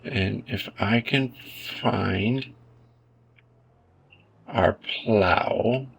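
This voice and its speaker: Laid-back male gamer, gravelly and unhurried, self-mocking asides over mouse clicks. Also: on the low side. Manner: relaxed, self-deprecating, thinks aloud. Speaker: gaming video creator. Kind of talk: casual gameplay commentary.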